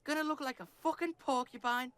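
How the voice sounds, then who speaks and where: Man voicing a foul-mouthed scrappy boy, cocky, crude, high voice. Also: steady tone, fairly quick, bright, forceful tone, dry recording. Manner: cocky, crude, speaks of himself in third person.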